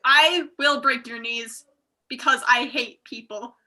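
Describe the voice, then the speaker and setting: Woman doing a super bright angry little tree creature, high and blunt. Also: slow, exaggerated voice. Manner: blunt, shouty threats. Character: furious knee-breaking tree guardian creature. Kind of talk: improv comedy.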